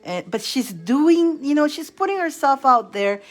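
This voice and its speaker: A tarot reader hosting a live stream chats casually with her viewers, telling animated stories, laughing often and acting out quotes. Her voice is high and her pace measured.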